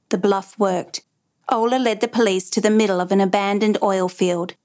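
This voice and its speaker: A woman's voice: medium pitch, steady tone, normal speed, darkish tone. Woman narrating a true story.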